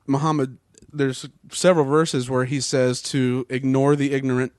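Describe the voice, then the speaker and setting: In a casual political chat, a podcast co-host lays out facts at length, using fillers as he goes. His medium-pitched voice has little pitch movement at a normal speed, recorded with studio quality and no room sound.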